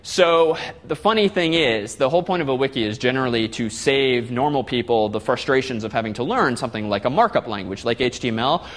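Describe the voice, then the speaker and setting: A man's voice: mid-range voice, lively intonation, fairly quick, hardly any pauses, a bit bright. A man giving a classroom lecture, explaining step by step and putting questions to the class.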